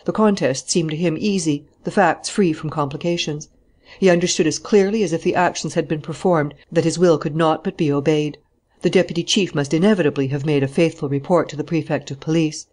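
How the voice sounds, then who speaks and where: An audiobook narrator reads in a calm, steady storytelling manner. The voice sits at a middle pitch. The delivery stays even throughout. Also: a little fast. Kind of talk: scripted narration.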